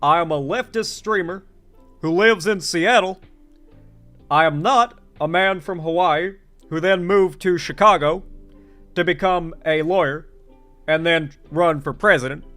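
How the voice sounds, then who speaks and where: A man doing an impression of a former president, speaking in slow, deliberate oratorical phrases with faint music behind. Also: a little high, sharp tone. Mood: presidential.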